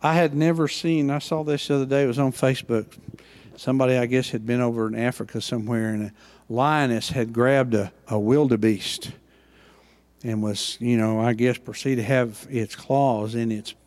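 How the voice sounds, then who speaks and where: An older man, preaching a sermon as pastor with passion and swings between loud and hushed delivery. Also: mid-range voice, steady tone, normal speed.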